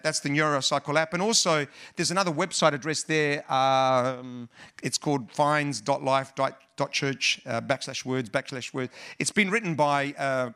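Bright-voiced New preacher. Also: male voice, a little high. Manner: conversational preaching with many fillers and restarts. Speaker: pastor. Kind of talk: sermon with opening prayer.

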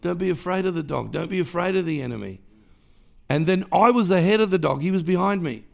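A man preaching a sermon in a church, his voice carrying heavy fry and a gravelly edge. He builds emphatic, rhythmic runs of repeated phrases and lifts sharply in volume on the key lines. His pitch sits a little above most men's. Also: expressive, fast. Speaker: pastor.

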